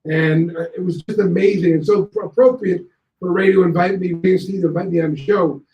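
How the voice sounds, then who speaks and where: A male guest on a talk show telling anecdotes in a lively way and acting out other people's lines. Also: high-pitched, a little fast, reverberant, lo-fi sound. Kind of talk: anecdotal storytelling.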